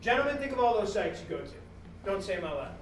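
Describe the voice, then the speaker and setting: Man, very high voice, animated joking keynote, echoey room, distant mic. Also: quick pace, a little hiss or hum. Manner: animated, joking, acts out customer exchanges in quoted voices. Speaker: guest speaker at a business talk series. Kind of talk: motivational business keynote. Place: event room with a live audience.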